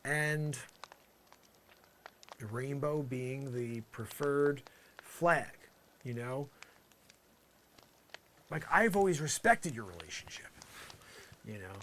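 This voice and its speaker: A man doing an improvised comic monologue, rambling and sarcastic, swinging between loud outbursts and muttered asides. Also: mid-range voice, expressive, slow, long pauses, a little hiss or hum. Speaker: comedian.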